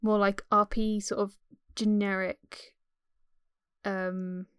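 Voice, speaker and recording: A woman's voice: mid-range voice, level tone, takes it slowly, fairly bright tone, clean tone, no echo, clean studio sound. A woman with a generic well-spoken English accent chatting casually, full of fillers. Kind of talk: casual chat.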